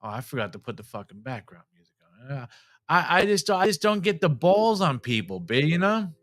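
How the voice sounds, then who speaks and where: Bright, high-voiced animated male podcast host. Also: a little fast, dry recording, studio quality. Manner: animated storytelling, heavy swearing, acts out quoted people. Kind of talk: casual chat.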